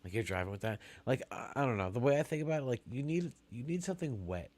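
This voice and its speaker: A man's voice: expressive, fast talker, a little mellow, a little hiss or hum. A man co-hosting a podcast, joking crudely and swearing in casual chat. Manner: joking, swears, goes up into a silly high voice for emphasis. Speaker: podcast co-host.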